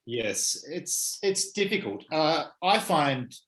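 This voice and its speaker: A man's voice: fairly high pitch, very animated, slow pace, a bit bright, roomy sound. A man from Melbourne with an Australian accent, co-hosting a casual chat with wry explanations. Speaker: podcast co-host. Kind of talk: casual conversation.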